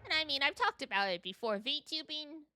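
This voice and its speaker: A young woman from Canada with a high, youthful-sounding voice, chatting quickly and giggling as a VTuber streamer. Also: big pitch swings, bright, forceful tone, faint music behind. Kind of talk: casual stream chat.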